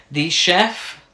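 A podcast co-host chatting casually about a film, animated, swearing and laughing often. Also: mid-range voice. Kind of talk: casual film review chat. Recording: roomy echo.

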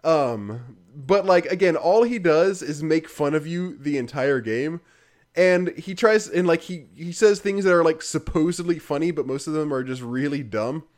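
A man's voice: on the high side, animated, normal speed, darkish tone. A man in casual conversation, rambling through a critical game review with lots of fillers and the odd laugh. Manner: rambling, heavy use of fillers, frequent laughs; dry, critical.

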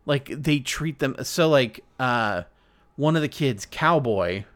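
A male podcast host chats casually about a film. His pitch swings around lively as he goes, and he meanders through his points with plenty of likes and ums. The talk is loose and unscripted. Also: takes it slowly. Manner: meandering, full of likes and ums, acts out quotes. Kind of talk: casual chat reviewing a movie.

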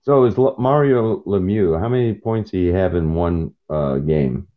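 A man's voice: low-pitched, normal speed. A man co-hosting a podcast in casual chat, rambling from topic to topic and joking around. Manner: rambling, jokey, animated, meandering. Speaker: podcast co-host. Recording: dull lo-fi podcast audio.

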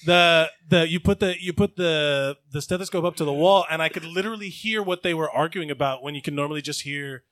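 A man's voice: on the high side, fairly quick, few pauses, fairly bright tone, no room sound. A man co-hosting a podcast in casual chat, rambling and often restarting his sentences. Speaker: podcast co-host.

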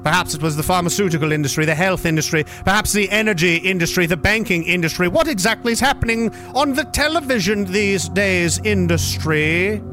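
A man voicing an ominous storybook narrator in a put-on old-fashioned accent, slow and dramatic. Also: high-pitched, expressive, bright, forceful tone, soft background music. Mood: grim. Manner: slow, dramatic, portentous delivery.

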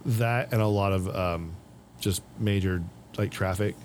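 A man's voice: sits low, measured pace, slight background noise. A man on a podcast, chatting casually and telling rambling stories, acting out what people said. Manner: rambling storyteller, acts out quotes. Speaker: podcast co-host. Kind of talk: casual chat.

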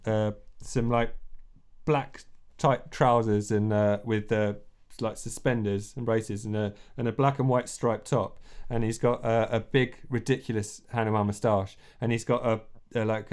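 A man's voice: lowish voice, darkish tone, clear, resonant tone. A man narrating a tabletop role-playing game as game master, rambling and often laughing between scene descriptions. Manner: rambling, with many fillers and restarts, often laughing.

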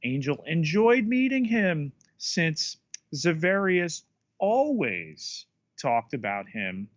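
A man co-hosting a casual podcast, recapping plot points in a measured, dry way. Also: fairly high pitch, very animated. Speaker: podcast co-host. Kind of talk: casual chat recapping an episode. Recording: dull lo-fi mic.

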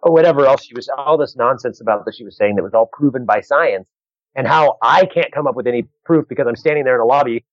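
A man working as a stand-up comedian, telling a story in a casual, animated way, restarting phrases and acting out the people in it. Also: mid-range voice, dry recording. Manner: animated, quick restarts, acts out other voices. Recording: dull lo-fi dry recording.

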